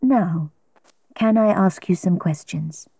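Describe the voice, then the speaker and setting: A woman voicing a cool, probing male police inspector in a storybook reading, asking measured, clipped questions. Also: fairly low pitch, gravelly, dark tone, breathy edge, no room sound, exaggerated voice. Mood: questioning.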